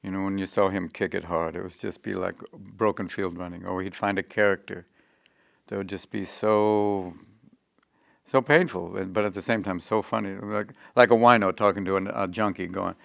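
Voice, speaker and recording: A middle-aged man being interviewed, telling animated stories and jumping into quick voices. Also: low-pitched, vocal fry, no room sound, studio quality. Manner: animated, slips into quick character voices mid-story. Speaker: interview guest, comedian. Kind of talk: anecdotal interview storytelling.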